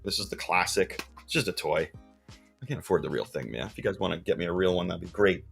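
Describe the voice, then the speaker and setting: A man hosting a casual live-stream chat from his comic shop. He is jokey and excitable, with sudden loud bursts. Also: low-pitched, quick pace, gravelly, soft background music. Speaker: podcast host and comic shop owner.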